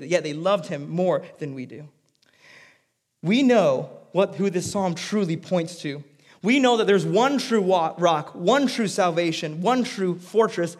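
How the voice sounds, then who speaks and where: High-voiced man preaching a sermon. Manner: emphatic preaching, drops to near-whispers, builds to raised climaxes. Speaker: pastor.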